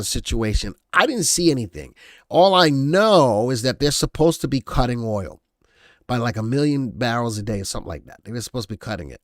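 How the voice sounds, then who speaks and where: A man hosts a casual live stock market stream in an easy conversational voice that sits at a middle pitch. He reads headlines, riffs on them and calls out viewers in the chat by name. The sound is close and dry, with no room around it. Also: no echo. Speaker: livestream market show host.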